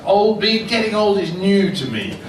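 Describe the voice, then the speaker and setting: An older man performs stand-up in an underground comedy club, mocking himself and chuckling at his own lines as the audience laughs. His high, expressive voice comes at normal speed, picked up from afar by an echoey club mic with slight hiss or hum.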